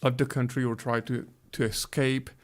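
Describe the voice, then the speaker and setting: A man's voice: medium pitch, little pitch movement, moderate pace. Hungarian guy in his 50s, careful english, lots of restarts, searching for words. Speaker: guest, pastor. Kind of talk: conversational interview.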